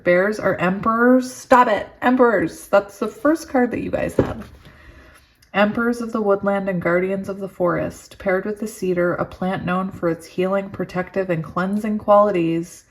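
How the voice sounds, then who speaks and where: A woman tarot reader reading oracle card texts slowly and soothingly, breaking into giddy, laughing asides. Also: mid-range voice. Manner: giddy and excitable, laughs often. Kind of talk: reading oracle cards aloud with chatty asides.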